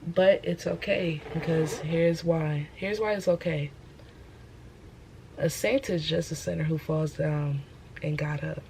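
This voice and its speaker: A young woman preaches about her faith in a casual vlog, pressing her points and repeating them for emphasis. Her voice sits fairly low, and faint room noise hums underneath. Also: steady tone, slow, gravelly, darkish tone, rough recording. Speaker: host.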